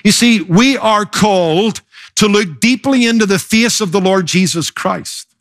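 High-voiced man preaching emphatically. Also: unhurried, a bit bright. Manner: emphatic preaching with varied pace. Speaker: pastor. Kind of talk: sermon.

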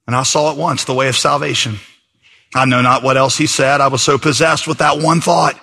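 Bright-voiced pastor preaching casually. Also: male voice, fairly high pitch, lively intonation, normal speed, slightly rough. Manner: conversational, reads passages aloud with fillers. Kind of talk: sermon.

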